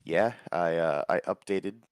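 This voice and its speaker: A man's voice: deep voice, a little slow, clear, resonant tone, dry recording, studio quality. A man with a sore throat, chatting in a laid-back way as a stream guest. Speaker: guest on livestream. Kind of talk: casual chat.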